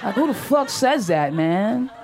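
A woman's voice: a little high, very animated, a little slow, a little mellow, slight background noise. Brash, profane woman doing stand-up. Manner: brash, profane, laughing through punchlines. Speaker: stand-up comedian. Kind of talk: stand-up comedy set. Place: comedy club stage with audience.

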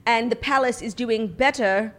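A woman's voice: fairly high pitch, normal speed, a bit bright, close to an everyday voice. A woman playing a pompous, snooty British prince in a comedic improv sketch, with a put-on British accent and a haughty, mock-formal manner. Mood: smug.

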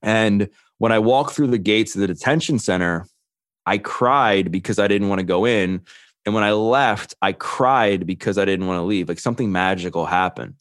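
Low-voiced man telling his story. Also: fairly bright tone, dry recording, clean studio sound. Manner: earnest, quotes people in his story, quick bursts. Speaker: podcast guest. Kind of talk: candid storytelling.

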